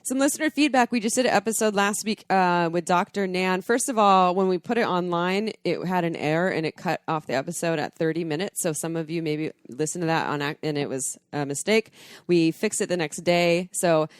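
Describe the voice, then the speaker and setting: Woman podcast co-host, lowish voice, close dry mic, chatty with easy laughs. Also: brisk, dry recording. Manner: giggly, chatty, lively. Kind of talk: casual chat.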